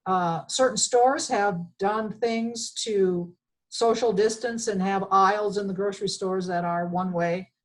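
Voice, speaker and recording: A woman's voice: mid-range voice, fairly even intonation, unhurried, poor audio. A woman from Texas, reading constitutional text aloud and commenting on it in a plainspoken, emphatic way with frequent fillers. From Texas, USA. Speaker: presenter on the Bill of Rights.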